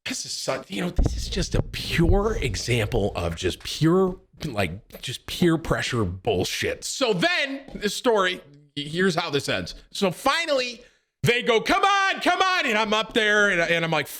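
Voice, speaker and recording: A young man telling a story to his stream chat, animated and profane, jumping into a raised voice to act out quotes. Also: on the high side, measured pace, slight background noise.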